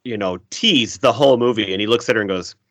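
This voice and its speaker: A man's voice: fairly low pitch, fast talker, no room sound, clean studio sound. A man co-hosting a podcast, chatting casually about a film and acting out its lines with gusto. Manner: animated, acts out movie lines in big voices. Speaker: podcast co-host.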